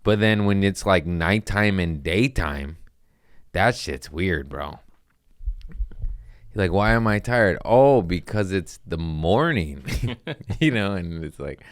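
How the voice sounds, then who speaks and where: A man's voice: sits low, smooth, no room sound, clean studio sound. A young man and comedian telling rambling, profane stories on a casual podcast, saying bro a lot.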